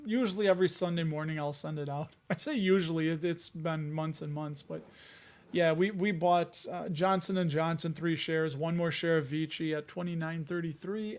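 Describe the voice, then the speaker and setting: A man hosting a casual investing livestream, running through news with jokey asides. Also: a little high. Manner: chatty, jokey asides while reading news items. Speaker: host of a dividend investing show.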